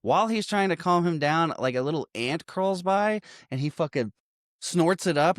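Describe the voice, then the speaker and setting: A man's voice: fairly high pitch, animated, normal speed, dry recording, clean studio sound. A man co-hosting a casual movie podcast, recapping a comedy with lots of swearing, laughter and acted-out lines. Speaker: podcast co-host.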